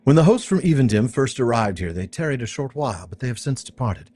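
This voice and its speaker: A man's voice: mid-range voice, animated, quick pace, warm tone, dry recording, lightly acted. A man voicing a grave male quest-giver in a fantasy game, reading the quest text aloud in a solemn, archaic manner.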